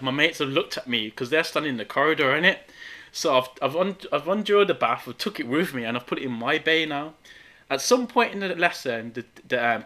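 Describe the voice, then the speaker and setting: A young man with a Birmingham accent telling a story in animated, slangy casual chat, often laughing. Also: on the high side. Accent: Birmingham English. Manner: animated, laughing, street slang, frequent tag questions. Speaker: guest storyteller.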